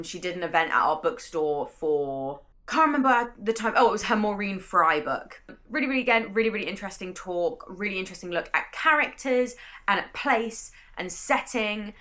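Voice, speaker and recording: A young British woman with a medium-pitched, pushed, bright voice vlogs casually about her work week as a bookseller. She's chatty and enthusiastic, her sentences running on, and the audio is staticky.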